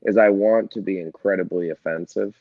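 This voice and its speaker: A man's voice: low voice, fairly even intonation, brisk, no room sound, phone-quality sound. A man in his thirties from New York, a band member chatting casually in an interview, joking, swearing freely and rambling. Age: 30s.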